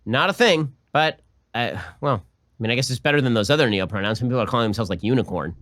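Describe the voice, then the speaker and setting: A man giving sardonic, rapid-fire reaction commentary on video clips. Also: medium pitch, animated, fairly bright tone. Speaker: political commentator.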